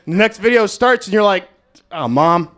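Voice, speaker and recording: A young American man works through a stand-up set at an open mic, speaking in a notably high register. His delivery is dry and deadpan, crude and self-mocking. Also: fast talker. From United States. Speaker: stand-up comedian. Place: comedy club stage, Las Vegas.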